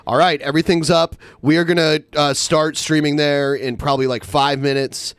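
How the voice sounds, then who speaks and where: A man's voice: on the high side, flat delivery, normal speed, smooth, dry recording. A man hosting a casual podcast, bantering and laughing with his co-hosts. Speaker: podcast host.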